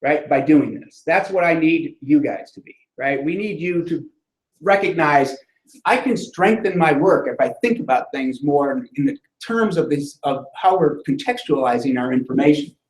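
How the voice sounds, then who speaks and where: A man's voice: on the high side, animated, moderate pace. A man giving a writing lesson, talking students through sentence structure in a conversational way and often asking "right?". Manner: conversational, frequent "right?" check-ins. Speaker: writing instructor. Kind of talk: classroom lecture on sentence structure. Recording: echoey room.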